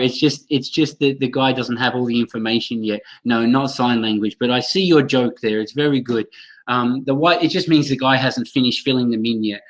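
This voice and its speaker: A man with a medium-pitched, fairly bright voice runs a live online teacher training through a computer mic, and the recording quality is low. He's chatty, responds to viewers' comments, and frequently starts his sentences over.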